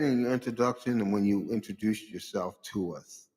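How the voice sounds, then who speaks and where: A man hosting his own show, giving a casual political commentary monologue that rambles, searches for words and turns sarcastic with loud outbursts. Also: fairly low pitch, moderate pace. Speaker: show host. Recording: long reverb with faint music behind.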